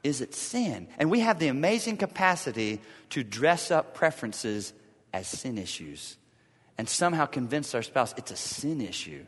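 A man's voice: medium pitch, big pitch swings, normal speed, breathy edge, long reverb tail. A middle-aged man preaching, telling a marital story and acting out both sides of a quarrel. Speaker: pastor. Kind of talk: sermon.

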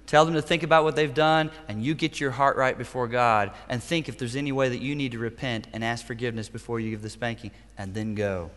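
A middle-aged man, a pastor, preaching a sermon in an emphatic, punchy way with sudden loud bursts. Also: mid-range voice, fairly even intonation, a little fast, few pauses. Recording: long reverb of a church hall.

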